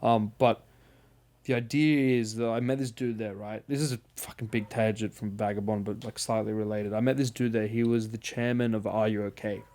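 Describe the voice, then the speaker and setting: A man's voice: on the low side, steady tone, brisk, a little mellow. A man hosting a podcast in casual chat, rambling through tangents with swearing and acted-out quotes. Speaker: podcast host.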